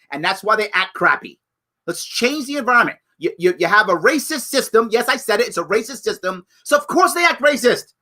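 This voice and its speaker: A middle-aged man with a very high-pitched, bright voice speaks in a forceful tone. Hosting a live show, he gives emphatic, repetitive commentary that alternates between pleading and scolding.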